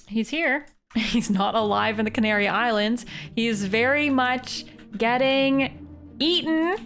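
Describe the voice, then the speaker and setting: A woman from Canada gives casual live commentary while she plays, thinking aloud in a chatty, playful way. She speaks slowly in a fairly high voice. Faint music plays underneath. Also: a bit bright. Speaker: streamer.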